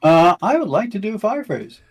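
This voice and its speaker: Gravelly man thinking through his moves. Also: sits high, big pitch swings, brisk. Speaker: player. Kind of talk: tabletop game chat.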